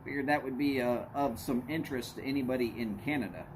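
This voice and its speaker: A man's voice: medium pitch, fast, noisy background. A middle-aged man hosting a live stream, chatting casually and telling rambling jokes and stories. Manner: rambling, joking storyteller.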